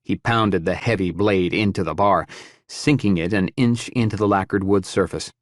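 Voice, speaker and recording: A male audiobook narrator with a very deep voice reads in a steady, measured way. The recording is dry and close, with no room sound. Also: dry recording. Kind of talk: scripted narration.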